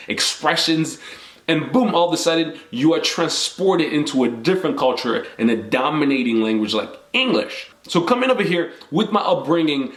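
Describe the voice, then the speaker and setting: Earnest Congolese-born man in echoey room. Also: mid-range voice. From Democratic Republic of the Congo. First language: French. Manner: earnest, motivational, lists numbered points. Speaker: vlogger. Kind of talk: reflective personal talk to camera.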